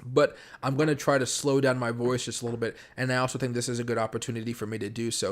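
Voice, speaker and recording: A man hosting a casual late-night crypto live stream from home, talking fast and rambling with lots of fillers and restarts. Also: mid-range voice, level tone. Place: home room.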